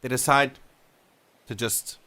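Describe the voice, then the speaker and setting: A man performing an improvised comedy scene in a calm, matter-of-fact manner. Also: mid-range voice, slow pace.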